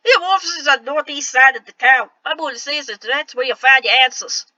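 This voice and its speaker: A woman's voice: high-pitched, pushed and bright, no room sound, lo-fi sound. A woman reading as a worldly city informant. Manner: halting, reads lines with restarts. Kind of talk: reading game dialogue aloud with an attempted accent.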